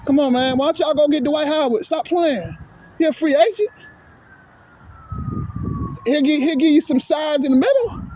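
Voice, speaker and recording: A man's voice: very high-pitched, moderate pace, pauses often, darkish tone, a little hiss or hum. A man giving an angry, profane sports rant to his viewers, exasperated and repeating himself. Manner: profane, exasperated, repetitive ranting. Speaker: vlogger.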